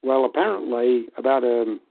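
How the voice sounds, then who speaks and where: A man's voice: medium pitch, expressive, moderate pace, vocal fry. A man calling into a radio show, telling a story and quoting what each person said. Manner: storytelling, quotes people, laughs between lines. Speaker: caller. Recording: tinny phone line.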